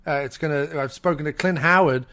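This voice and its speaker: Man, podcast host, slightly high voice, easygoing and laughing. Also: a little fast, sharp tone. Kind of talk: casual chat and reading an email aloud.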